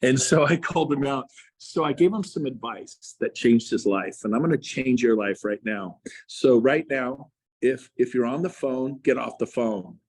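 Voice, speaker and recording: A man's voice: medium pitch, moderate pace, darkish tone, breathy edge. A man, a real estate coach, giving an emphatic motivational speech to agents and firing rhetorical questions at them. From Texas.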